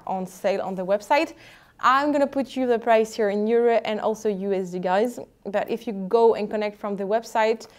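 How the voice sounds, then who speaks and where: A woman in her twenties from France, speaking English with a French accent as she chattily shows and prices items, with fillers and some hesitant phrasing. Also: medium pitch. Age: 20s. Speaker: vlogger selling luxury items. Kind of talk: casual product showcase to camera.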